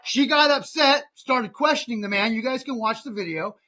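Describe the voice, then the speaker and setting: A middle-aged man with an unusually high, bright voice rants on a political podcast. He sounds heated and fired up, and he stumbles over repeated words as he pushes his point. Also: normal speed. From United States. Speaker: podcast host.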